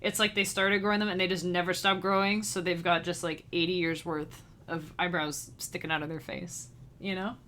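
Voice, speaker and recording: A woman's voice: lowish voice, level tone, normal speed, fairly bright tone, slight background noise. A woman chatting casually with her live-stream chat as a musician, bubbly and giggly, speaking straight to her viewers. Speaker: livestreamer and chiptune musician.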